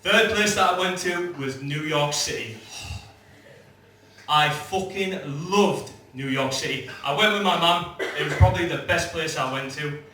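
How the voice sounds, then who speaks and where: A young man tells brash, swearing stand-up stories, his voice bright and forceful and a little high for a man. He is caught from a distance in a very echoey live club. A faint hum of the room sits behind him. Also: measured pace. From England. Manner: brash, swearing storyteller acting out quoted lines. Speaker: stand-up comedian. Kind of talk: stand-up comedy set. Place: comedy club stage before a live audience.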